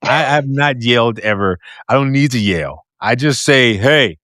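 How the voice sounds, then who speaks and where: A man hosting a podcast interview with a loud, deep, projecting voice, talking in an animated, expressive way and laughing often. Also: normal speed, dry recording, clean studio sound. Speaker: podcast host. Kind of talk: casual conversational interview.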